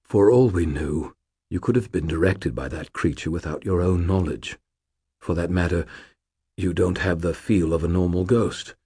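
A man's voice: low voice, moderate pace, mellow, slightly rough, no echo, clean studio sound. A man reading the part of a dying old male ghost warrior, weak and fading, with formal, archaic speech. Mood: weak, gentle.

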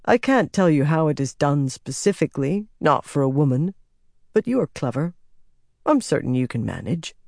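A woman reading an audiobook, voicing a cold, commanding young man who speaks softly and offhandedly. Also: sits low, sing-song, moderate pace, vocal fry, dry recording, clean studio sound, heavily acted. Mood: patronizing. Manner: soft, eerie, offhand.

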